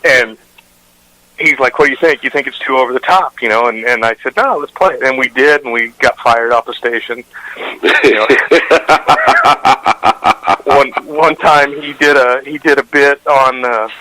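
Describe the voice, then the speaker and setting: Man, radio host, rambling storyteller, bright forceful tone, casual interview. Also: mid-range voice, fairly even intonation, normal speed, long pauses, poor audio. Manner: rambling anecdotes with frequent restarts and fillers. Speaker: radio show host, guest.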